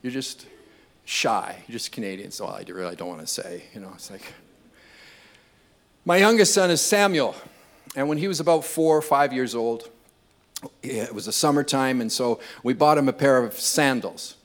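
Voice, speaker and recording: An older man preaching a sermon, telling funny family stories and building to loud, impassioned appeals. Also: medium pitch, lively intonation, normal speed. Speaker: pastor. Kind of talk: sermon with humorous storytelling.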